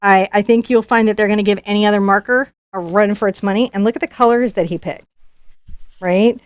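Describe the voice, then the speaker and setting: A woman's voice: medium pitch, steady tone, brisk, clear, resonant tone, dry recording. A woman artist hosting a live unboxing stream, chatty and bubbly, often restarting her sentences. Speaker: professional artist and channel host.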